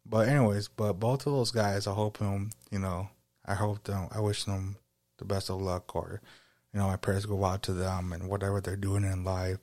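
A man's voice: sits low, little pitch movement, normal speed, a little mellow, dry recording. A young man hosting a podcast, telling stories in a laid-back, rambling way with many fillers. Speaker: podcast host. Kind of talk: casual storytelling podcast.

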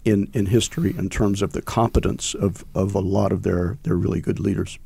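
A man's voice: lowish voice, fairly even intonation, brisk, vocal fry, mellow, husky. An older man, a veteran, recounting his war experiences in a rambling, conversational interview with frequent fillers and restarts. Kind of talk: conversational recollection.

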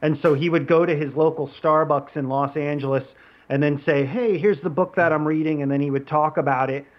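A man with a slightly higher voice than most talks casually as a podcast guest. He is animated and full of restarts and fillers. The sound is a bit muffled and lo-fi. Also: a little fast. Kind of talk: casual conversation.

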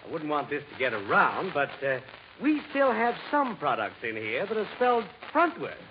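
A man playing a deadpan, punning druggist in a 1940s radio comedy. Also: a little high, moderate pace, dull audio. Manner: deadpan, wordplay. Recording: hissy old radio recording.

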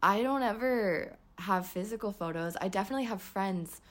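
A woman's voice: medium pitch, moderate pace. A woman in her twenties hosting a podcast, giving a candid personal update in a chatty way and laughing often. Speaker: podcast host. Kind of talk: casual personal life update.

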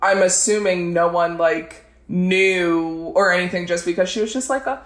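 A woman's voice: lowish voice, steady tone, moderate pace. A woman hosting a podcast, chatting easily and thinking aloud with plenty of fillers. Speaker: podcast host. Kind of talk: casual chat. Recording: roomy echo.

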